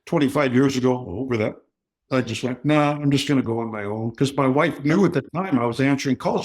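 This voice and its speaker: A man in his sixties spins loose, joking anecdotes as a podcast guest. He slips into other people's voices for the punchlines, mid-pitched and easygoing. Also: brisk. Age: 60s. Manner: jokey, animated storyteller acting out quoted voices. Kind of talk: casual storytelling.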